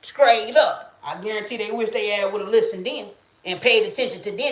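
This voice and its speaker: A woman's voice: medium pitch, lively intonation, fairly quick, fairly bright tone, roomy sound. A woman, talking emphatically and profanely in a casual live-stream monologue, repeating her catchphrases. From Mississippi, US. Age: late 30s. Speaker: livestreamer.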